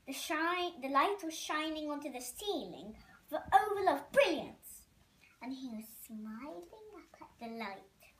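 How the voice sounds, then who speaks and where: Lively high-voiced woman reading aloud. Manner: halting, stumbling over words. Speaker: reader. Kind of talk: amateur storybook read-aloud.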